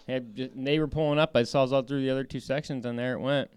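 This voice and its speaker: A man in a casual chat as a podcast guest, telling animated, rambling stories. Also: medium pitch, quick pace, clean tone, dry recording.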